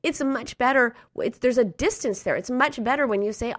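A woman's voice: a little high, normal speed, dry recording, clean studio sound. A woman giving an earnest, encouraging coaching talk to listeners, now and then acting out a harsh inner voice. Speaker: speaker on emotional eating.

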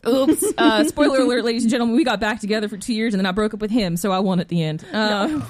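A young woman tells a story in a casual chat, laughing often and acting out the voices of the people in it. Her voice sits at an ordinary pitch and is recorded dry and close. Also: very fast, no echo. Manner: animated, laughing storyteller who acts out quotes.

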